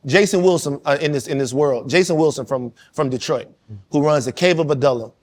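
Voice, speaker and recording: Passionate man telling a story, higher-pitched. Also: fairly quick, darkish tone. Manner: passionate, storytelling, emphatic repetition. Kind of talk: casual panel discussion.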